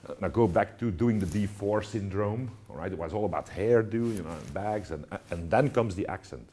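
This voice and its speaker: Lower-voiced man giving a lecture. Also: normal speed, dark tone. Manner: hesitant, many fillers and restarts; addresses students with "all right?". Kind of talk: university lecture.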